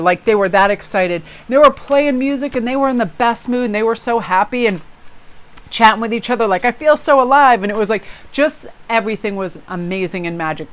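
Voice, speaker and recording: A woman tarot reader telling stories in a casual daily vlog, bubbly and effusive, acting out the voices of people she quotes. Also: mid-range voice.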